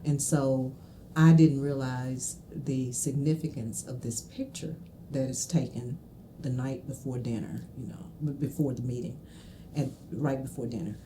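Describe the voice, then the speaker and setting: Deep, dark-toned woman guest. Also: steady tone, a little slow, few pauses, a little hiss or hum. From Mississippi Delta. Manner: reflective, warm storytelling with laughs. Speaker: guest, trial lawyer. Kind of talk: casual conversational interview.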